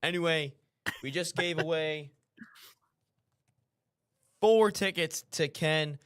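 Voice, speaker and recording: A man's voice: on the high side, slow pace, a bit bright, clean tone. A man co-hosting a live show, talking in an easygoing, chatty, upbeat way. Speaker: co-host. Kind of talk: casual live show chat.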